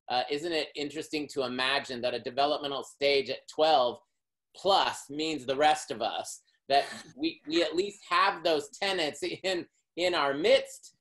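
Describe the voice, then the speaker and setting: A man's voice: on the high side, a bit bright, low-quality recording. Man lecturing in long winding sentences. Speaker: workshop presenter. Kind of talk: lecturing a workshop.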